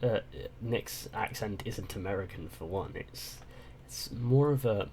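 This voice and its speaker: British guy hosting a livestream, low mellow voice, chatty, swears a lot. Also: measured pace, slight background noise. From Britain. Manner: chatty, swears and laughs freely. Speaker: channel host. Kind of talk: casual livestream chat.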